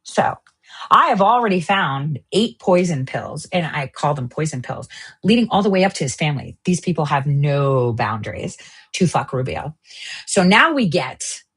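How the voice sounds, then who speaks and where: A woman's voice: lowish voice, slightly rough. A woman hosting a political commentary show, ranting in a heated, profane, sarcastic way. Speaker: host.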